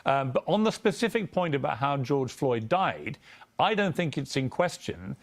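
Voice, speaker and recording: An English man hosting an interview, firm and measured as he challenges his guest. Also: mid-range voice, sing-song. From England. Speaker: interview host. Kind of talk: interview questioning.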